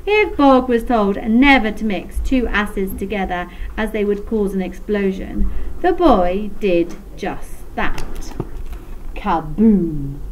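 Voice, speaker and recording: A woman slowly reading a children's story aloud, with playful sound effects. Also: mid-range voice, a little hiss or hum, low-quality recording.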